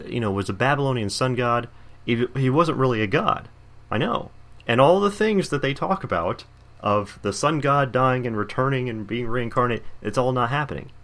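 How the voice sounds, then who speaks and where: A man preaching a fervent sermon, reading scripture slowly and commenting with emphatic repetition. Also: medium pitch, fairly bright tone. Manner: fervent, emphatic, repeats words.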